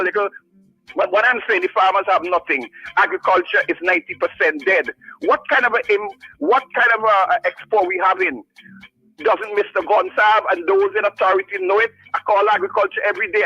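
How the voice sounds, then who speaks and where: A man phones a radio talk show, his voice high and bright as he delivers an impassioned, repetitive, preachy appeal. The line is dry and muffled, as a phone call sounds. He repeats himself for emphasis and presses on with fervor. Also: slightly rough, no room sound. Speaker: caller. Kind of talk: passionate call-in radio rant.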